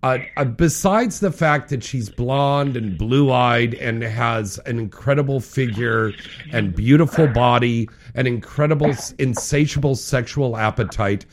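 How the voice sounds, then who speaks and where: A man hosting a talk show, introducing his guest with gushing, animated enthusiasm. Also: medium pitch, measured pace. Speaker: show host.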